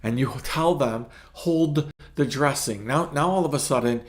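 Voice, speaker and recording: A middle-aged man delivers a brief sermon, talking the way he would to a small group rather than orating. His voice sits at an ordinary middle pitch, and he keeps checking in with the listeners as he explains each point. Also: a little slow. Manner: conversational, often adding "right?" to check in with listeners. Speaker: pastor. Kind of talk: short sermon teaching.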